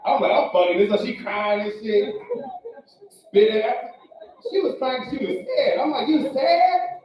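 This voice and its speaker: A male comedian doing a stand-up set, loud and brash, swinging between shouting and muttering, on a club stage. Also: high-pitched, animated, normal speed, slight background noise. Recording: echoey distant club recording, dull sound.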